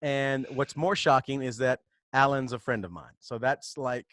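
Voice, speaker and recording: A man's voice: medium pitch, fairly even intonation, moderate pace, a bit bright, no echo, clean studio sound. A man hosting a casual podcast chat, rambling with many fillers and restarts and laughing often. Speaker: podcast host.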